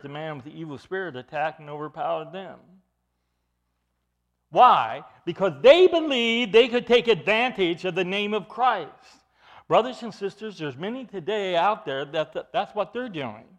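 A man's voice: high voice, lively intonation, normal speed, fairly bright tone. A man preaching an expository sermon as pastor, earnest and emphatic, often repeating and restarting his phrases.

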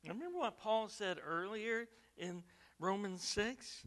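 Pastor, male, high bright voice, emphatic preaching with big swings in loudness. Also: expressive, a little slow. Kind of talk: sermon.

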